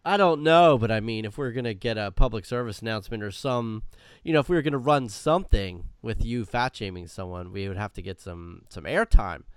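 A man co-hosting a podcast, chatting casually in a measured, reassuring manner with dry humor. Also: lowish voice, smooth, no room sound. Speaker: podcast co-host. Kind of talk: casual chat.

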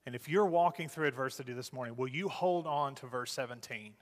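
Pastor preaching in a reverberant hall. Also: male voice, medium pitch. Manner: moves between loud urging and soft, slow quiet phrases. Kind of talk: sermon.

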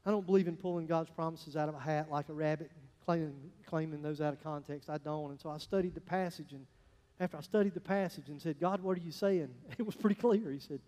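Preaching fast to his congregation, a high-voiced pastor tells his sermon in a folksy, story-driven style. His words echo through a large hall with a long reverb tail, shifting from loud outbursts to quiet asides.

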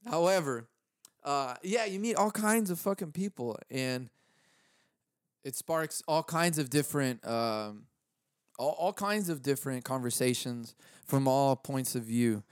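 A man's voice: medium pitch, lively intonation, measured pace, no room sound, studio quality. A young man with a Californian accent, talking in a solo comedic rant, swearing freely and laughing often. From Southern California. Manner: profane, laughs often, acts out quoted voices. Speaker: podcast host.

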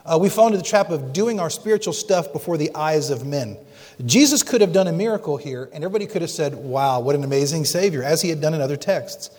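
A man's voice: on the high side, lively intonation, fast, a little mellow, in a large hall. A male pastor from Pennsylvania preaching a conversational sermon full of rhetorical questions.

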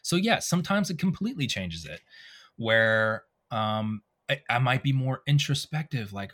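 A man, a voice actor, telling animated stories in a casual interview and acting out quoted dialogue. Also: medium pitch, normal speed. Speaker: voice actor guest.

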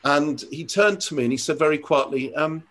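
An older man, a church leader, talking in an interview, earnest and reflective, often pausing and restarting his sentences. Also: fairly high pitch, a bit bright. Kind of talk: conversational interview storytelling.

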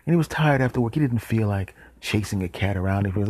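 A man hosting a podcast, telling a comic story in a deadpan way and dropping into whispered asides. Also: fairly low pitch, quick pace, no room sound. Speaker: podcast host.

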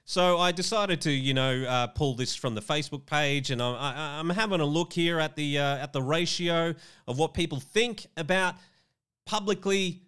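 A man's voice: a little high, moderate pace, a bit bright, smooth. A man reading news aloud and adding smug, mocking commentary.

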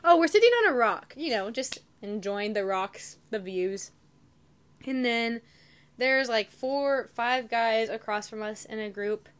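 Young woman, podcast co-host, high voice, giggly, rambling storyteller. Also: measured pace. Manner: giggly, rambling, loses her thread. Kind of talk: casual chat.

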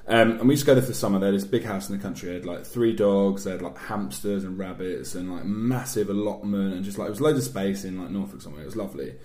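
Young guy, low-ish voice, casual banter storyteller, roomy echo. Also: fast, few pauses, a little mellow. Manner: banter-heavy storyteller, swears freely. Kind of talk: casual chat. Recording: echoey room.

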